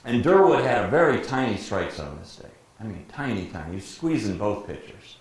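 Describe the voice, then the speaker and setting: A man in his sixties who grew up in Detroit, a sportscaster speaking as guest, telling lively anecdotes and acting out quotes with frequent laughter. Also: lowish voice, a little fast. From Detroit, USA. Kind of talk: anecdotal storytelling talk. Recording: very echoey room, faint background noise.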